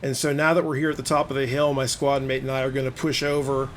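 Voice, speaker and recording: A man at an ordinary middle pitch talks through a recorded match as gameplay commentary. His manner is conversational and explanatory, and he is plain-spoken about his own frustration. A faint ambient hum sits behind the voice. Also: level tone, quick pace. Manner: conversational, explaining play as it unfolds. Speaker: gaming video host.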